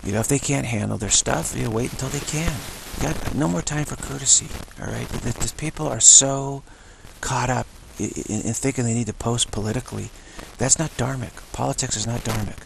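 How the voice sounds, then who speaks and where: A man's voice: medium pitch, brisk, creaky, background noise. A male yoga teacher giving a rambling spiritual talk, emphatic and full of repetition. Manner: emphatic, repeats himself.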